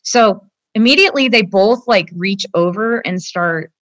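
A woman in her fifties, appearing as a guest, shares her personal story with the hosts in an earnest, emotional way, often saying "like" and "you know" as she addresses them directly. Her medium-pitched voice is fairly bright and measured in pace, with no room sound.

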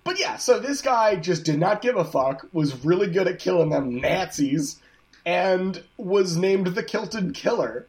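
A man's voice: high-pitched, unhurried. A man casually telling a history story to his co-hosts, joking and swearing as he goes. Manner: profane, joking, animated storyteller.

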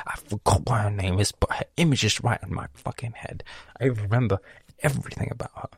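A man from Lebanon delivering a profane comedic rant, swearing constantly and swinging from loud outbursts to hissed whispers. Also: on the low side, a little fast, husky, dry recording, clean studio sound.

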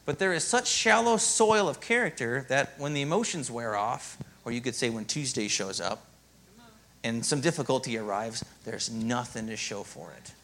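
A man preaching a sermon as pastor, in a lively, conversational way and often asking "Amen?". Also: medium pitch, moderate pace.

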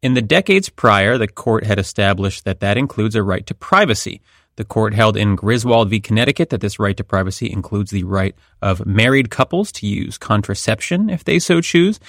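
A man's voice: on the low side, lively intonation, normal speed, fairly bright tone, dry recording, clean studio sound. A man hosting a podcast, explaining a court ruling in a wry, conversational way. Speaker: podcast host. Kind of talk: legal analysis chat.

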